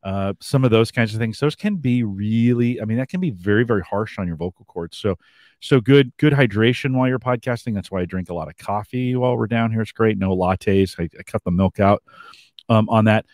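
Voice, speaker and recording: Male host, lowish voice, meandering casual talk, dry studio sound. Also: brisk, a little mellow, dry recording. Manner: rambling, filler-heavy, reads chat comments. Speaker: podcast co-host. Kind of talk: casual live-stream chat.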